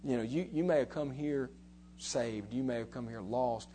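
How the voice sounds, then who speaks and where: A man's voice: mid-range voice, moderate pace, mellow, slight background noise. A man preaching a sermon as pastor, retelling a story earnestly and rising to emphatic appeals.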